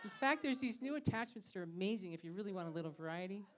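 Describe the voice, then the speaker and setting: A woman's voice: mid-range voice, expressive, rapid-fire, slight background noise. A woman performing a stand-up comedy set as a pharmacist on a club stage, teasing the audience with questions. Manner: teasing, asks the crowd questions.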